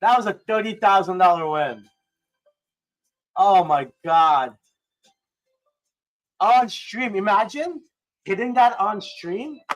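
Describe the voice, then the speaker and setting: A man hosting a casual livestream, excitable and prone to swearing, swinging between hyped outbursts and low mumbling. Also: normal speed. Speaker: livestream host.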